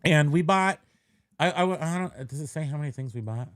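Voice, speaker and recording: A man's voice: fairly high pitch, normal speed, no echo, studio quality. A man co-hosting a casual podcast, rambling and correcting himself as he jokes along. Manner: rambling, self-correcting, joking. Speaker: podcast co-host. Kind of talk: casual chat.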